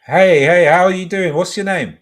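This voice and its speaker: A man's voice: high-pitched, moderate pace. A middle-aged man hosting a live call-in show, talking in a rambling way full of fillers.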